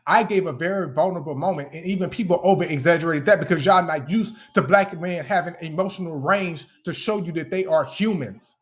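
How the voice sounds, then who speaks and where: A man's voice: on the high side, brisk, few pauses. Heated, profane man ranting on a live stream. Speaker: livestreamer addressing critics. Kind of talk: angry live-stream rant.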